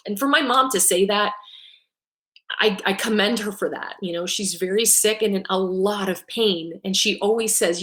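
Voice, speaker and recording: A woman's voice: mid-range voice, normal speed, fairly bright tone. Middle-aged woman, upbeat business coach on a live stream, talks straight to her viewers with an emotional edge. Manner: upbeat, coaching, repeats "right?". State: emotional at times. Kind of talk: live-streamed motivational talk.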